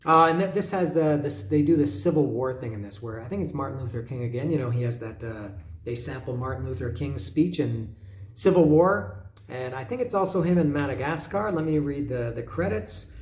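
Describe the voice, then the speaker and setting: A man's voice: mid-range voice, lively intonation, a little fast. Musing man in an echoey room. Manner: musing, hesitant, humming melodies and reading lyrics aloud. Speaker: podcast host reviewing an album. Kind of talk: casual solo commentary.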